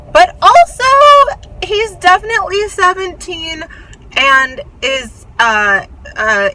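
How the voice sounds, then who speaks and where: Recorded in a car with road noise in the background, a young book vlogger chats casually and gushes about her books, poking fun at herself along the way. Her fairly high voice sounds pushed and bright, and the recording is rough.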